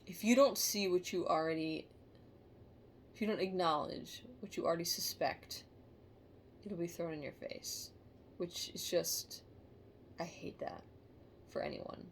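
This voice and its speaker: Woman tarot reader, low-pitched with vocal fry, halting and sighing, casual talk to camera. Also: a little hiss or hum. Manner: halting, emotional, sighing and musing aloud.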